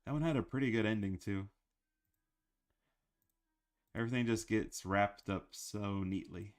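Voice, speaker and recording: A man's voice: lowish voice, a little slow. A man talking casually about cartoons in a rambling, chatty way with frequent fillers. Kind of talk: casual chat.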